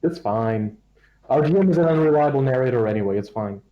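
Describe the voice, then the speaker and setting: A man's voice: medium pitch, expressive, fairly quick, highs cut off. A man playing in a tabletop game, chatting casually with dry jokes. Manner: dry, joking. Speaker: player. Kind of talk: casual chat.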